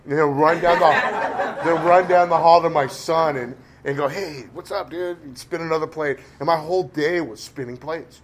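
A man's voice: fairly high pitch, steady tone, moderate pace, hardly any pauses, a little hiss or hum. A middle-aged man telling a candid recovery story in a rambling, self-deprecating way, full of "you know". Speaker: recovery speaker. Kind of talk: candid personal recovery talk.

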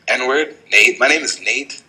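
A man's voice: mid-range voice, takes it slowly, bright, forceful tone, slight background noise, rough recording. A man from Ohio joining a podcast as a guest, joking and laughing often. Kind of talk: casual banter.

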